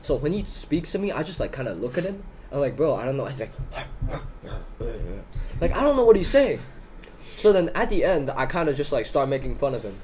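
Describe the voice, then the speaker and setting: A man's voice: fairly high pitch, very animated, fast talker, a little mellow, a little hiss or hum, poor audio. A teenage boy casually telling a story on a student podcast, acting out both sides of an argument. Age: teens. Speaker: podcast co-host. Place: school room in Hong Kong.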